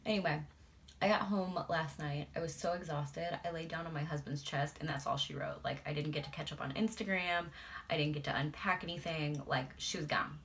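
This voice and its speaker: A woman's voice: low voice, fairly even intonation, fairly quick, fairly bright tone, a little hiss or hum. A young adult woman, a beauty vlogger, chatting casually and swearing freely while doing her makeup.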